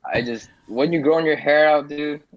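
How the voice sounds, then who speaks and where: A man as a podcast guest, talking in a relaxed, rambling casual chat full of fillers. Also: fairly high pitch, moderate pace, lo-fi sound.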